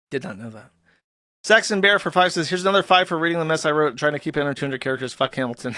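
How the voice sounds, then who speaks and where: A man streaming, reading viewer donation messages aloud and adding crude, offhand comments in a casual, flat way. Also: on the high side, no echo, clean studio sound.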